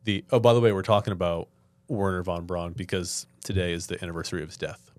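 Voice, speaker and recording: A man's voice: deep voice, steady tone, quick pace, a little mellow, dry recording. A man from Massachusetts, a comedian hosting, retelling history in a rambling, casual way full of fillers. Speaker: comedian host.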